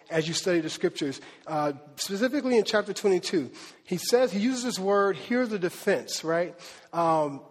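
A man preaching a sermon in a conversational, slangy way, building to animated emphasis in a large hall. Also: high-pitched. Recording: long hall reverb.

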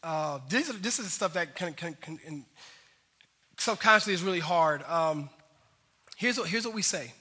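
A male preacher delivers his sermon with a high, ringing brightness, chatting with the congregation in loose slang. His voice carries a long reverb that hangs in the large church hall. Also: normal speed, long pauses. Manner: casual and lively, with slang asides to the congregation. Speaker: pastor.

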